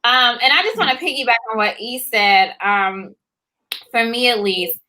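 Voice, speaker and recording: A woman co-hosting a casual chat, telling a personal story in a lively way, full of fillers and acted-out voices. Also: on the high side, moderate pace, rough recording. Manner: animated, acts out voices, many fillers. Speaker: co-author and co-host.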